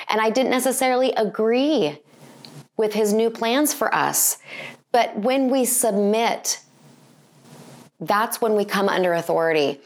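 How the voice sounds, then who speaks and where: A woman in her forties giving an earnest, conversational sermon full of rhetorical questions. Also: fairly low pitch. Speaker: speaker.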